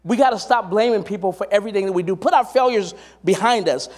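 A man's voice: high voice, quick pace. A middle-aged man preaching a sermon, telling personal stories and rising to emphatic exhortation.

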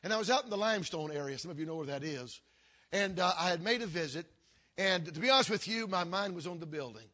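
Husky-voiced older pastor preaching. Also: male voice, expressive, fast. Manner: earnest, repetitive preaching cadence that drops low and quiet. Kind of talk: storytelling sermon.

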